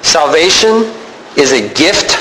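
Animated male preacher in an echoey hall. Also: a little high, slow, slight background noise. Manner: animated preaching, rising emphasis. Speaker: pastor. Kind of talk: sermon.

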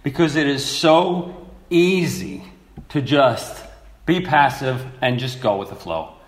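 Male preacher, unhurried and expressive, emphatic repetition, recorded with room echo. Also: medium pitch. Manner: slow, lively teaching with emphatic repetition. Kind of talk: sermon.

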